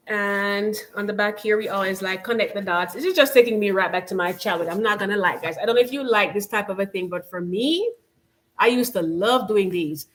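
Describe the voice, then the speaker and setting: A woman's voice: mid-range voice, brisk. A woman from Jamaica with a Jamaican accent, hosting a casual live stream and chatting loosely, with many "you know"s and "like"s. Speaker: channel host.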